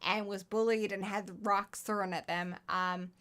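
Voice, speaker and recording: A woman who grew up in England, co-hosting a casual live movie review and telling rambling, animated personal stories while a little tipsy. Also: mid-range voice, unhurried, clean tone. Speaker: co-host of a horror movie review show. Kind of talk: casual chat on a live stream.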